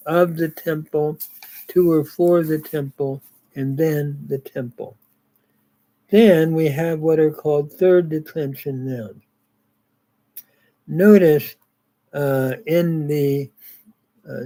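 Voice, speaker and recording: A man teaching a grammar lesson in a slow, methodical way, pausing on fillers as he goes through word forms. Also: on the high side, warm tone, poor audio. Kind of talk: grammar lecture.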